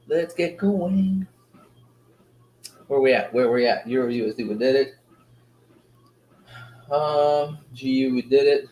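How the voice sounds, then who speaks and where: A man runs a live forex trading stream in a loose, slangy chat with his viewers. He gets excited as prices move, and his voice sits at a middle pitch. The room around him sounds roomy and echoey. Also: normal speed, pauses often, slight background noise. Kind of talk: casual live trading commentary. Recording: roomy echo.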